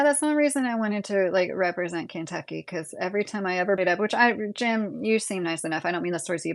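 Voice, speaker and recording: A woman's voice: medium pitch, no room sound. A woman with a Midwestern American accent hosting a casual livestream, rambling and answering viewer comments with lots of fillers. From United States. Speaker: livestream host.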